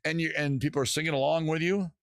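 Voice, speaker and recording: A man's voice: a little high, steady tone, fast talker. A man hosting a casual music and drinking show, rambling through self-mocking jokes between songs. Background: guitar music.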